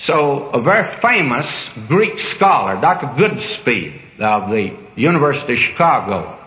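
A man's voice: medium pitch, very animated, a little slow. An older man preaching a sermon in a folksy, emphatic storytelling manner. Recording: dull echoey hall recording.

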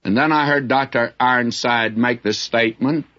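A man's voice: medium pitch, steady tone, moderate pace, sharp tone. An older man teaching the Bible in a sermon, candid and folksy, telling stories from his own ministry. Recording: dull lo-fi recording.

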